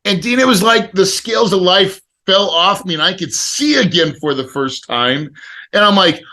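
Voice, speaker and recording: Bright, animated man telling a story. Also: high voice, moderate pace. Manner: animated, acts out quoted dialogue. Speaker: podcast guest. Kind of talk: casual storytelling interview.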